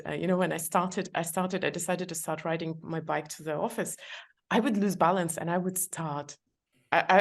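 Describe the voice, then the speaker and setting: Middle-aged woman, podcast guest, low gravelly voice, laughs often while giving advice. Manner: warm, laughs often, gives practical advice. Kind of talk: podcast conversation.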